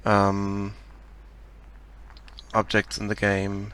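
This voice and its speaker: A man from Germany with a German accent, casually talking through his game project on a live stream, hesitant, with many pauses and restarts. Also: fairly low pitch, monotone. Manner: hesitant, many ums and restarts, laughs shyly.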